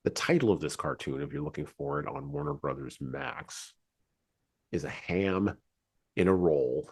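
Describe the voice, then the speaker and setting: Deep raspy guy rambling on his podcast, lots of little asides. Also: big pitch swings, a little slow, darkish tone. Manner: digressive, chatty, many asides. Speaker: podcast host. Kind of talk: casual podcast commentary.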